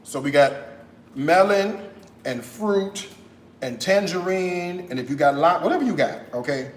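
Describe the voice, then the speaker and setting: American man, cooking show host, sassy live-stream chat, fairly high voice, echoing kitchen. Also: unhurried, slight background noise. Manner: sassy and animated, tags lines with "okay?". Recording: roomy echo.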